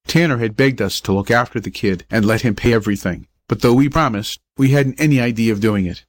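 A man narrates a story for an audiobook in a measured, even manner. His voice sits at an ordinary middle pitch. The recording is close and dry, with no room sound. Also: no echo. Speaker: audiobook reader. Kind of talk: scripted first-person story narration.

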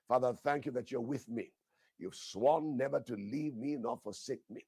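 A man's voice: mid-range voice, normal speed, a little mellow, breathy edge, no room sound, studio quality. A man preaching a sermon, emphatic, repeating his phrases and asking the listeners questions, with bursts of prayer in tongues.

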